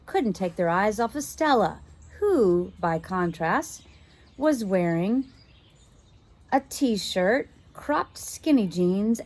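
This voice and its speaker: A woman teacher reading a children's chapter book aloud, expressive and now and then stopping to work out a word. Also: mid-range voice, slow pace. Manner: expressive, stops to puzzle out words.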